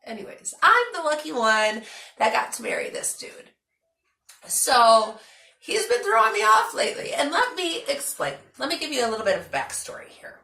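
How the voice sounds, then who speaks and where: Chatty woman with a bright, gravelly voice. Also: fairly high pitch, normal speed, echoey room. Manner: chatty, animated and talkative, with frequent fillers. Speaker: vlogger. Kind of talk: casual storytelling vlog.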